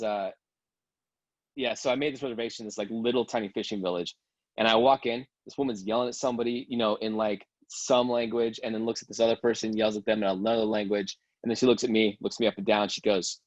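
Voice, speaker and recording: A man's voice: lowish voice, no room sound, muffled recording. A man casually telling a long travel story on a video call, rambling with many fillers and restarts. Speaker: game participant sharing a travel story.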